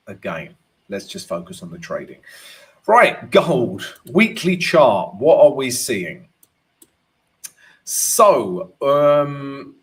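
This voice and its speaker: Unhurried man with a lively, bouncing voice. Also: on the low side. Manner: peppers talk with "right?" and "you know"; chatty, greets viewers by name. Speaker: forex trading analyst and host. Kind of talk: live stream chart analysis and Q&A.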